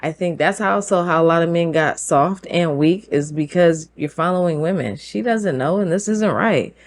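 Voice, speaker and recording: A woman's voice: on the low side, moderate pace. Emphatic woman hosting a monologue. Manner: emphatic, fires rhetorical questions. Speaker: show host. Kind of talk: opinion monologue.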